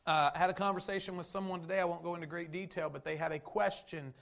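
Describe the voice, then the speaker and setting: A pastor delivers a relaxed, conversational sermon, stopping to restart sentences and acting out what people said. His voice sits high for a man and carries a gravelly edge. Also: fast. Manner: conversational preaching with restarts and acted-out quotes.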